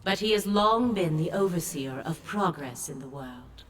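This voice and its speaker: A grave, ancient sea goddess speaks in a solemn, commanding way from a video game. Her voice sits very low and heavy. Each word is slow and measured. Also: expressive. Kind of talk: game voice acting.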